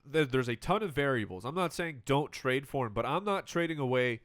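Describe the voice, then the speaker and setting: A man's voice: mid-range voice, animated, fairly quick, fairly bright tone, no room sound, studio quality. A man co-hosting a sports podcast, playful and teasing in casual banter. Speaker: podcast co-host.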